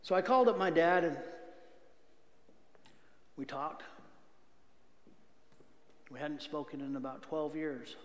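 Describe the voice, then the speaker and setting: A middle-aged man giving a church testimony, earnest, swinging from loud outbursts to near whispers. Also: on the high side, slow pace, long pauses. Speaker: guest speaker giving testimony. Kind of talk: testimony sermon. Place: church sanctuary. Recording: echoey church hall reverb.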